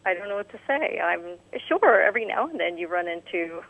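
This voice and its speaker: A woman's voice: fairly low pitch, very animated, brisk. A woman from the southern United States with a Southern accent, calling in to a radio show. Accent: Southern American. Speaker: caller. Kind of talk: phone-in chat. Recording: phone line.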